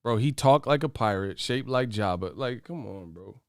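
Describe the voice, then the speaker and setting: A man's voice: fairly low pitch, lively intonation, moderate pace, clean tone, no echo, clean studio sound. A man hosting a casual boxing commentary channel, brash, profane and mocking as he trash-talks to his viewers.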